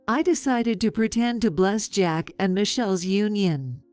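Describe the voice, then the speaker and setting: A woman in her fifties narrating a story in a calm, measured, sarcastic way. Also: mid-range voice, no echo, soft background music.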